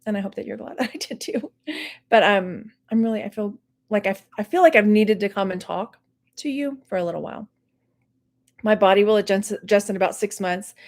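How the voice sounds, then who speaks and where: A woman's voice: mid-range voice, darkish tone. A middle-aged woman from Texas rambling casually on her livestream, laughing often, her mouth dry. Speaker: online reseller hosting a livestream.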